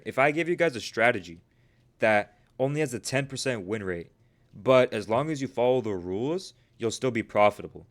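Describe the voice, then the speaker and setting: A man coaching traders on a live stream, talking casually and emphatically to his viewers, often calling them "bro" and asking "right?". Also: mid-range voice. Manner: addresses viewers as "you guys" and "bro", repeats "right?"; emphatic, preachy motivational delivery. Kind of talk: live-stream talk answering chat.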